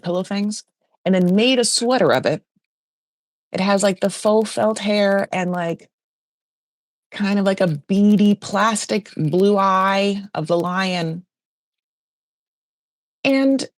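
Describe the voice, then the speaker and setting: A woman's voice: mid-range voice, dry recording, studio quality. A woman hosting a podcast, recapping a reality show in a chatty, gossipy way with lots of "like". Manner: chatty, gossipy, heavy use of "like". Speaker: podcast host. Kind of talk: casual pop culture recap.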